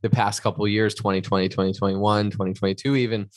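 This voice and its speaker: A man with a lowish voice co-hosts a podcast. He speaks earnestly and reflectively, encouraging his listeners. The sound is dry and close. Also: flat delivery, quick pace, no echo. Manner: earnest, reflective motivational talk. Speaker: podcast co-host. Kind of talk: casual chat.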